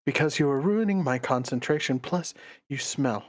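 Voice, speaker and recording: A man's voice: mid-range voice, lively intonation, moderate pace, dry recording, natural voice. A man voicing a blunt woman brawler. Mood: irritated.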